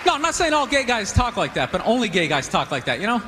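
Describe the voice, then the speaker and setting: Animated, high-pitched male stand-up comic. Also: fast talker, few pauses, noisy background. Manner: rambling and animated, full of "you know" asides. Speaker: stand-up comedian. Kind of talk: stand-up comedy set. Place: comedy club stage with live audience. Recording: live club recording with reverb and crowd.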